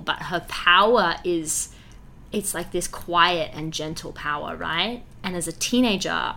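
A young woman, a musical theatre writer and performer, talking in an animated, heartfelt way in a casual interview, full of filler words. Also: on the low side.

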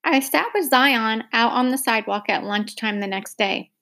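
A woman narrating a first-person novel aloud, expressive and acting out the dialogue. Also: fairly high pitch, normal speed. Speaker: audiobook narrator.

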